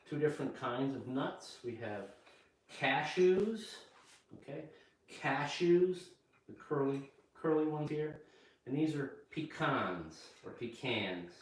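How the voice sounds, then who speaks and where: A man teaching English at home, speaking slowly and plainly and checking in with "okay?" after nearly every phrase. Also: medium pitch, a little hiss or hum. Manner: slow and repetitive, checks in with "okay?". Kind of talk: slow spoken English lesson. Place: home kitchen. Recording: echoey room, mic far off.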